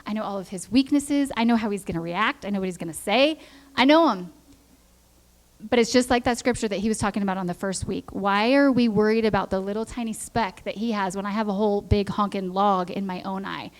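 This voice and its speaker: Middle-aged female church speaker, conversational sermon delivery, animated storyteller who voices quotes. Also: medium pitch, a little fast.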